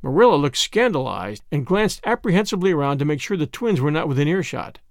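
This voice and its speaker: A man narrating a storybook in an expressive reading. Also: a little high, quick pace, dry recording, studio quality. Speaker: audiobook narrator. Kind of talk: scripted narration.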